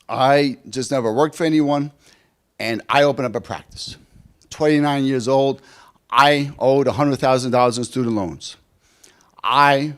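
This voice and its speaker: A middle-aged man telling a personal story at a conference, animated and asking the audience questions. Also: mid-range voice. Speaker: conference speaker. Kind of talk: motivational talk. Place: conference hall.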